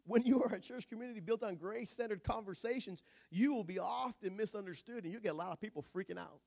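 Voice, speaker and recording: A male pastor preaching a sermon in an animated, joking, conversational way. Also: high voice, quick pace, gravelly.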